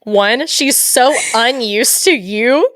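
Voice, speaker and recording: A young woman co-hosts a casual podcast chat with a fairly high voice. She is brash and swears freely, slipping into mocking impressions of other people. Her voice is recorded dry and close to the mic. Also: slow pace, fairly bright tone, no echo. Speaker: podcast co-host.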